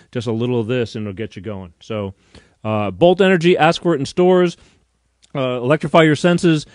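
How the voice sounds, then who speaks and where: A middle-aged man hosting a live call-in show, telling rambling, animated stories full of fillers and restarts. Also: medium pitch, no room sound, studio quality. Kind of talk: casual live-stream chat.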